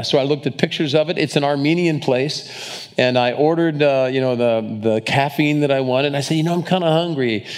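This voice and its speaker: Male pastor, mid-pitch voice, loose conversational sermon delivery with the congregation. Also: darkish tone. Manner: conversational preaching with restarts and asides, engaging the crowd.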